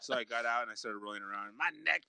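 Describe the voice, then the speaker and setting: A man's voice: fairly low pitch, little pitch movement, rapid-fire, sharp tone. A man co-hosting a casual podcast, telling a profane story full of restarts, laughs and swearing. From Los Angeles. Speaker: podcast co-host. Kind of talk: casual chat.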